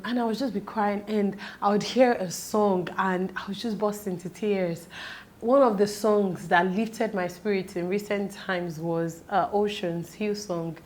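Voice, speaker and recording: Tearful woman, halting and emotional. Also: mid-range voice, darkish tone. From Nigeria. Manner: tearful, halting, fighting back tears. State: close to crying. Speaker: vlogger. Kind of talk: emotional personal vlog.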